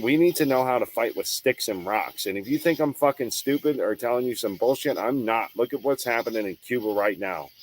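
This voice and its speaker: A man's voice: medium pitch, low-quality recording. Fired-up cursing man ranting. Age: adult. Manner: heated, profane, emphatic. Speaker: show host. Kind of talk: unscripted monologue.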